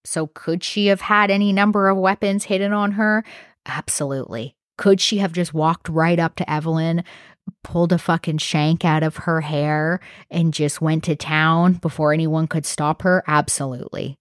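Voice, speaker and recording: A woman hosts a true crime podcast and walks through the case in a loose, conversational way, reacting openly and swearing now and then. Her voice sits a little low. The recording is dry and close, with no room sound. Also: steady tone, moderate pace, dry recording. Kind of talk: casual storytelling narration.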